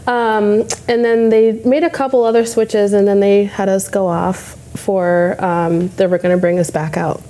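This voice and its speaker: A woman's voice: medium pitch, fairly even intonation, a little slow, hardly any pauses, warm tone. A young adult woman, a bodybuilding competitor, telling a story casually and acting out her own past thoughts.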